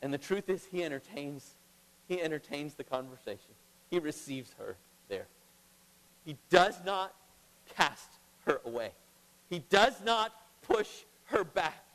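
A middle-aged man preaching a sermon as pastor, emphatic, swinging between loud and hushed. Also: a little high, lively intonation, measured pace. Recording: long reverb of a large hall.

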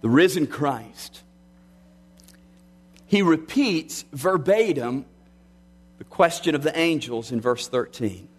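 A middle-aged man preaching a sermon with earnest delivery, slowing down and dropping quiet on key lines. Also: a little high, animated, husky. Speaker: pastor.

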